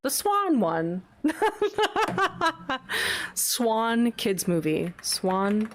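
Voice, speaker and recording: A young woman hosting a livestream, chatting casually with her viewers in an animated, giggly way. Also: medium pitch, measured pace, a little hiss or hum. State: sniffly, eyes watering. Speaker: livestream host. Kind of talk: casual chat with live chat. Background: soft background music.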